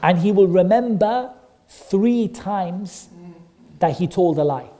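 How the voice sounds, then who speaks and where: A man teaching a class of children, telling a story in a lively way, repeating phrases for emphasis and asking the children questions. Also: high-pitched, slow.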